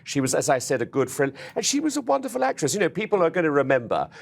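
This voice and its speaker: Appearing as a guest in a TV news studio interview, a man warmly and ramblingly remembers a late friend. His voice is a little high, sing-song and creaky, and he speaks quickly.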